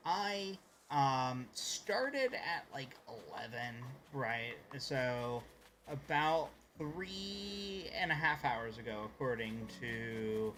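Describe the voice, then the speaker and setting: A man's voice: mid-range voice, animated, drawn-out words, a bit bright, slight background noise. A man chatting casually on a live stream while gaming, rambling and greeting viewers by name.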